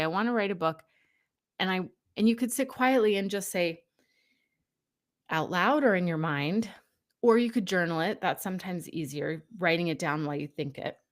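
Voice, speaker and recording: A young adult woman giving a casual spiritual talk, gently coaching listeners and acting out their inner dialogue in quoted lines. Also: fairly low pitch. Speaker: host.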